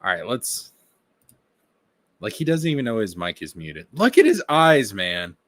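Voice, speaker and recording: A man with a mid-range voice talks through a stream clip in lively reaction commentary. His pitch swings up and down as he gets excited, and he swears and mocks freely. The recording is close and dry. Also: a little slow, dry recording. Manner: excitable, profane, mocking.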